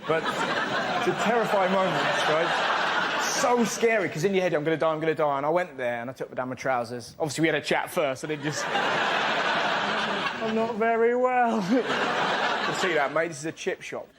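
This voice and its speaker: An energetic comedian doing stand-up on a TV panel show, slipping in and out of silly character voices and building to loud shouts. His voice sits high and bright. The broadcast recording carries a clear layer of background noise. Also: moderate pace.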